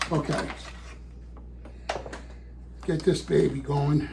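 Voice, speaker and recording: A man's voice: fairly high pitch, slow, long pauses, noisy background. A man rambling and swearing to himself while cooking in his home kitchen, a little out of breath. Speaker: vlogger. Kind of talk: casual cooking vlog.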